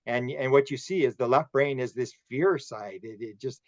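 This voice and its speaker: A man's voice: medium pitch, normal speed, dry recording. A man hosting a casual podcast chat, talking in a rambling way with frequent restarts. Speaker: podcast host. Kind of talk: casual conversation. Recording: dull lo-fi dry sound.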